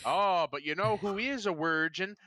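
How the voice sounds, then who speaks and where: A man's voice: sits high, normal speed, bright, forceful tone, no echo. A man putting on a doddering old Swedish-accented man. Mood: scheming. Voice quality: sing-song fake Swedish lilt.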